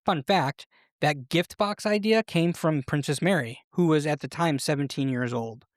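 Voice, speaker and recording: A podcast host narrating history with a playful, animated storytelling manner at a middle pitch. The sound is dry and close, with no room echo. The delivery feels scripted but lively. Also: normal speed.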